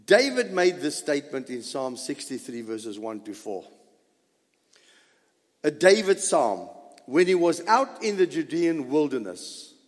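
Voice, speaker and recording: Guy preaching in church, high voice that swoops all over, lots of hall echo. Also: a little slow. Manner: animated, exhorting the congregation. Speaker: pastor. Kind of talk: sermon. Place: church sanctuary.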